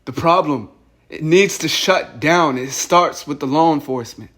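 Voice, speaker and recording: A man's voice: a little high, normal speed, fairly bright tone. Agitated young man ranting on a call. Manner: agitated, rambling, repeats himself. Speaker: caller. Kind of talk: heated phone call.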